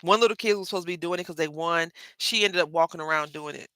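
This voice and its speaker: A woman's voice: on the low side, quick pace, a bit bright, dry recording. A woman with a Southern Texas accent hosting a casual live craft tutorial, chatty and rambling, often addressing viewers as y'all. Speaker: craft livestream host.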